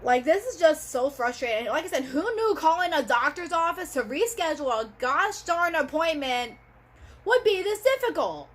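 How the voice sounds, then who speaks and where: A woman's voice: high voice, very animated, normal speed, a bit bright. A woman vlogger talking straight to her camera in a casual, rambling monologue, full of fillers like "you know" and "like.".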